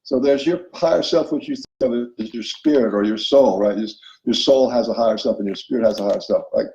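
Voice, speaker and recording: As an interview guest, this man explains spiritual self-help ideas fairly quickly in a dark, mid-range voice, dramatizing inner voices and often checking in with the listener. The recording is reverberant and dull.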